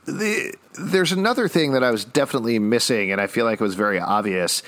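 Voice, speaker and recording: Man, podcast host, casual recap chat, mid-pitched voice, filler-heavy. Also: brisk, fairly bright tone. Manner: chatty, recaps plot with frequent "uh" fillers.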